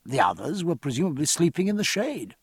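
Husky, lively male audiobook narrator. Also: on the high side, no echo, studio quality. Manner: measured, expressive storytelling. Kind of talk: scripted narration of a historical sea novel.

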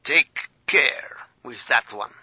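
A man doing a husky, wary alien agent. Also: mid-range voice, animated, sharp tone, no room sound, full character voice. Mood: warning. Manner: slow, warning. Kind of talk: audiobook character voice.

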